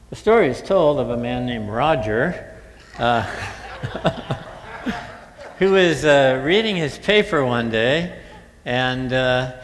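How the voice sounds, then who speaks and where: A male pastor delivers a relaxed, conversational sermon, pausing on fillers as he tells a story. His mid-pitched voice rolls through a large sanctuary with a long reverb tail. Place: church sanctuary. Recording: long church-hall reverb.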